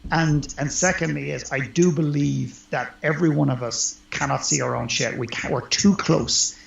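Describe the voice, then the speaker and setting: Earnest and emphatic, this life coach speaks as a guest in a conversational interview. He has a fairly high voice with vocal fry and a normal speed, and the recording sounds roomy, dull and lo-fi.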